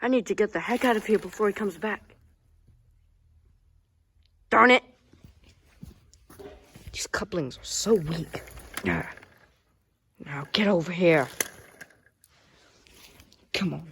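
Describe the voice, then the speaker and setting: A woman's voice: medium pitch, lively intonation, takes it slowly, pauses often, a bit bright, a little hiss or hum. A woman voicing a goofy, talkative male toy train engine that squeals, yelps and mocks itself. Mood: playful. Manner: playful, self-mocking, squeals and yelps. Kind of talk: playful toy role-play.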